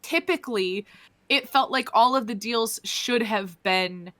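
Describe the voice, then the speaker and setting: A young woman co-hosting a hockey podcast, talking in casual chat, animated and swearing, with many restarts. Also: fairly high pitch, unhurried. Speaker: podcast co-host.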